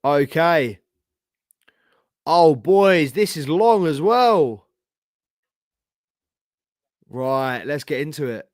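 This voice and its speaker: A young man hosting a live football reaction stream, casual and sweary, his voice hoarse from shouting. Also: a little high, animated, drawn-out words, pauses often, no room sound, clean studio sound. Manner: casual, sweary, slangy, talks to chat. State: losing his voice. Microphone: streaming setup with camera.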